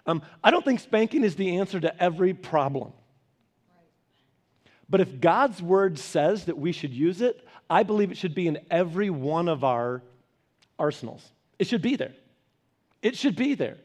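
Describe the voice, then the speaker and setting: A middle-aged pastor with a high voice teaches a Bible study at a moderate pace, in a conversational sermon style. An animated storyteller, he shares family stories and acts out the voices of the people in them.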